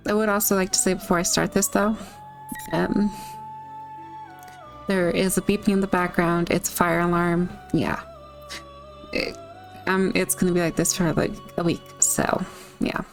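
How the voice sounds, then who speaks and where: A woman's voice: fairly low pitch, little pitch movement, normal speed, long pauses, faint music behind. A young woman who just woke up, chatting with lots of fillers and then reading a game story aloud. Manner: chatty and rambling, many fillers, hesitant. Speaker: story reader.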